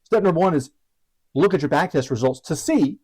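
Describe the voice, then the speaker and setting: A man's voice: fairly high pitch, animated, fairly quick, a little mellow, slightly rough, low-quality recording. A man teaching about trading strategies in a casual, chatty way, self-deprecating with frequent restarts and asides. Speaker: trading educator.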